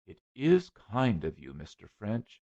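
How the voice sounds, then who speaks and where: A man's voice: lowish voice, wildly swooping pitch, a little slow, a little mellow, heavily acted. A man voicing a prim, anxious young woman who gushes and frets, on a dull lo-fi recording. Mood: fretful. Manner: fretful, gushing.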